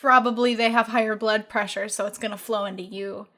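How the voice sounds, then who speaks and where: A woman co-hosting a casual podcast chat, giggling as she pitches a silly game idea. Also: fairly even intonation, a little fast, bright, forceful tone. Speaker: podcast co-host.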